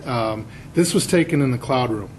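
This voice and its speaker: A man's voice: medium pitch, lively intonation, moderate pace, slight background noise, poor audio. A man, an author, giving a casual slide lecture to an audience, telling anecdotes and quizzing the crowd. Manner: chatty storyteller, quizzing the audience.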